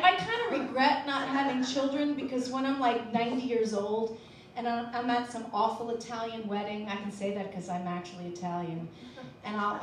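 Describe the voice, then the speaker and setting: A woman doing a stand-up comedy set, wry and self-mocking, slipping into shrill impressions. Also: slight background noise. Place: comedy club stage. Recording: echoey room, voice from a distance.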